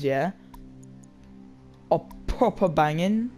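A man's voice: sits high, a little slow, pauses often. A young man giving casual, rambling gameplay commentary from his chair at home, full of slang and asides to his viewers. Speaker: gaming video creator. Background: loud game music.

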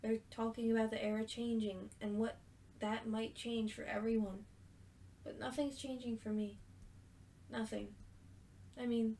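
A woman reading as a weary, gentle young woman. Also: on the high side, gravelly, a little hiss or hum.

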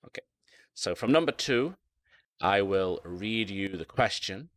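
A British man teaching an online English lesson, speaking slowly and enunciating carefully, repeating words so learners can drill them. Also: lowish voice, expressive, a bit bright. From Britain. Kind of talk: online ESL lecture.

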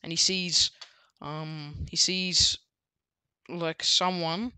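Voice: medium pitch, fairly even intonation, extremely slow, pushed and bright, clear, resonant tone, no echo. A book reviewer casually recapping a story, rambling with many fillers and restarts.

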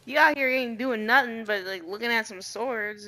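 A woman casually commenting on a game she plays, chatty and animated with lots of slang. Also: fairly high pitch, normal speed. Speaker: gaming streamer. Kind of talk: casual let's-play commentary.

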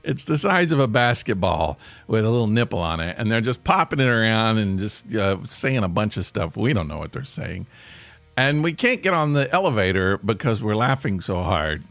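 Lively, animated male podcast storyteller. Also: on the low side, moderate pace, vocal fry, no room sound. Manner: animated, self-deprecating, laughs mid-sentence. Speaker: podcast host. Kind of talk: comic storytelling.

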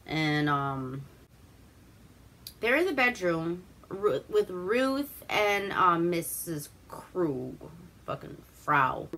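A slow, unhurried woman from Alaska recaps an old film in loose, profane asides. Her voice sits low yet sounds bright and forward. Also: big pitch swings. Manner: profane, rambling and laughing. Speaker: host. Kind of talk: casual movie recap.

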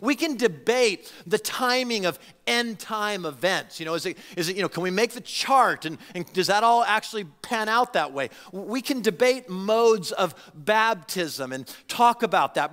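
Lively high-voiced preacher man in a reverberant church. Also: moderate pace, few pauses. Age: 40s. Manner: animated preaching, acts out the voices of people he quotes. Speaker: pastor. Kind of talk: sermon. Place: church sanctuary.

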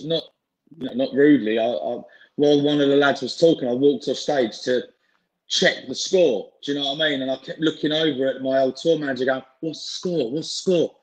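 A man's voice: medium pitch, poor audio. A man, chatting informally as an interview guest on a video call, full of fillers and restarts. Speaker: interview guest, singer and actor. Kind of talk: casual chat.

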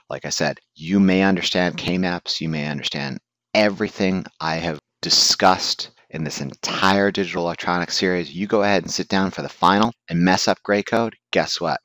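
A man's voice: deep voice, gravelly, fairly bright tone. A male instructor giving a recorded lecture, blunt and joking, who asks questions and then answers them.

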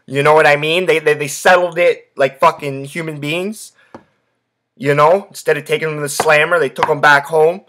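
A young man hosts a casual sports podcast, telling loose, rambling stories full of profanity and filler words. His voice is bright and forceful and sits a little high for a man. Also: steady tone, normal speed, slight background noise. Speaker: podcast host.

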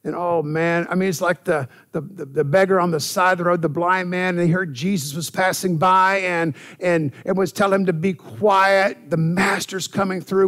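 A male pastor preaching a church sermon in an animated way, often repeating words and saying "amen". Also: sits high.

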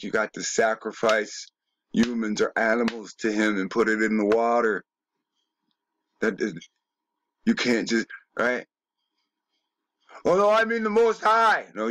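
A man's voice: on the low side, fairly bright tone, slight background noise. A man delivering a rambling, emphatic monologue, often swearing and throwing in rhetorical questions. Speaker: video commentator.

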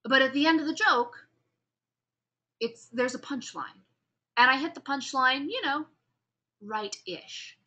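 A woman's voice: high voice, lively intonation, a little slow, pauses often, pushed and bright. A woman instructor giving a recorded lecture on public speaking, upbeat and chatty with frequent restarts.

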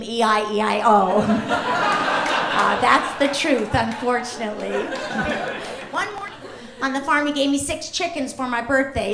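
A woman with a funny, high voice does stand-up in a comedy club, chatty and punchy. The room echoes, and crowd laughter rolls in behind her. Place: comedy club stage with audience.

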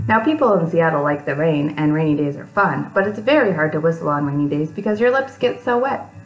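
A woman's voice: deep voice, animated, brisk, reverberant, highs cut off. A woman reading a picture book aloud to young children, breaking off for chatty asides to them.

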